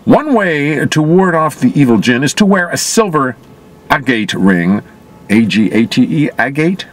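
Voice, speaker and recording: A man's voice: mid-range voice, animated, measured pace. A man reading news reports aloud and adding wry, sarcastic asides of his own. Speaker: commentator. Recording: loud traffic noise outdoors.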